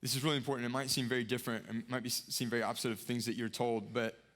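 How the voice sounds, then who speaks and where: A young adult man preaching a sermon earnestly, repeating phrases, rising to emphatic peaks and dropping to hushed lows. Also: little pitch movement, rapid-fire. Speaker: pastor.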